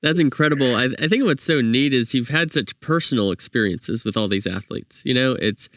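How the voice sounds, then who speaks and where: A man's voice: medium pitch, animated, a bit bright, no echo. Encouraging male podcast host, dry sound. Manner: encouraging, quick to react and laugh. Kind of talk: casual interview chat.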